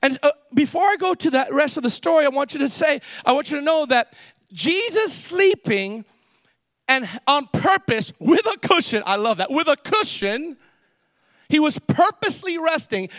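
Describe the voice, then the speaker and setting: A preacher man with an unusually high, bright, forceful voice gives an animated sermon. He acts out panicked voices and works his way up to shouting. The sound is dry and close, with no room echo.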